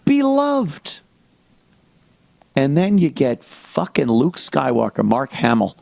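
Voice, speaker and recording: A man's voice: mid-range voice, expressive, measured pace, vocal fry, darkish tone. A man hosting a comedy show, ranting with a lot of profanity in a mocking tone. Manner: mocking, swearing, acts out fan voices. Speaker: comedy podcast host.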